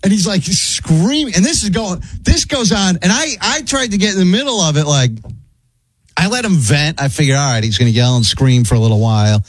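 A man's voice: sits high, a little fast, dry recording, poor audio. A man hosting a radio show, telling a workplace story in casual banter. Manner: lively storyteller, quotes people in put-on voices.

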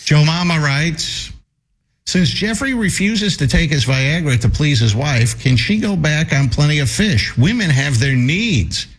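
A man hosting a radio talk show, teasing his co-hosts and reading listener messages aloud. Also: a little slow. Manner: teasing, reads messages aloud with lively pitch.

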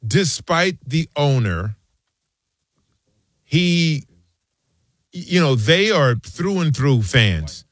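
A man co-hosting a casual sports talk show, telling stories with lively swings in his voice. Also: extremely slow, long pauses, dry recording, studio quality. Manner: animated storytelling, lively swings in pitch.

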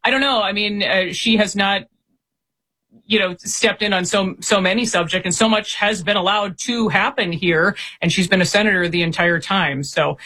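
A man in his forties speaks as a reporter guest on a political interview. His voice sits high and sounds bright and forceful. He talks quickly, stumbling through restarts and fillers. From Minnesota.

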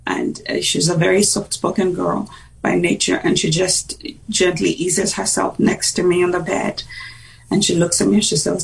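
A woman gives her personal testimony as a radio interview guest, telling it earnestly and going hushed at the tense parts. Her voice is low and deeply gravelly with fry. She sits at some distance from the microphone. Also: flat delivery, normal speed. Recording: voice distant from the mic.

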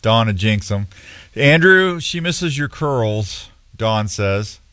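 A man's voice: fairly low pitch, animated, takes it slowly, pushed and bright, no echo. A man hosting a radio show in casual chat, joking and opinionated.

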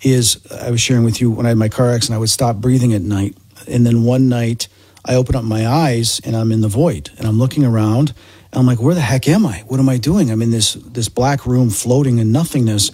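A man with a slightly husky voice talks in a casual, animated way. His voice is recorded close and dry, with no room echo at all. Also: mid-range voice, a little fast. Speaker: host. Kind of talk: casual chat.

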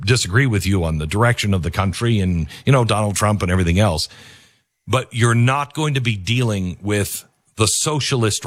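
A man's voice: medium pitch, fairly bright tone, dry recording, clean studio sound. A man delivering a political opinion monologue, emphatic and repetitive, with frequent fillers and restarts. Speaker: political commentator.

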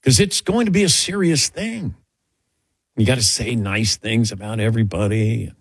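A man's voice: mid-range voice, normal speed, breathy edge, no room sound, studio quality. A middle-aged man answering audience questions in a casual, rambling, self-mocking way, telling little stories.

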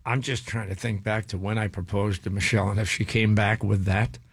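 A man's voice: on the low side, flat delivery, a little fast, gravelly, breathy edge, no room sound. A man hosting a radio show in casual banter, tossing in playful jokes between news items. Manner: jokey, playful asides.

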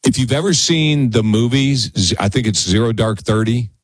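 A man's voice: mid-range voice, normal speed, breathy edge, dry recording. A male radio talk show host speaking conversationally into a studio microphone, often repeating words as he gets going. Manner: conversational, stammers and repeats words when excited. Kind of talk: casual talk radio monologue. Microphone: studio broadcast mic.

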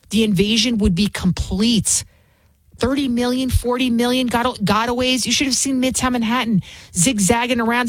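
A woman's voice: on the high side, no echo. Combative woman talk radio host. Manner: combative, mocking, rambling with restarts. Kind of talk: opinionated talk radio rant.

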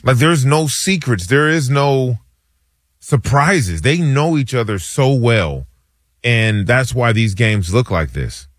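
A man co-hosting a sports radio show in a studio, talking football in a laid-back, halting way with casual slang. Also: mid-range voice, lively intonation, dry recording. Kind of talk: sports talk radio chat.

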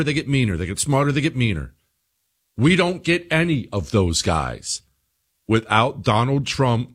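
A man's voice: fairly bright tone, breathy edge. Emphatic male talk radio host. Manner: emphatic, repeats phrases, swings between low asides and raised points.

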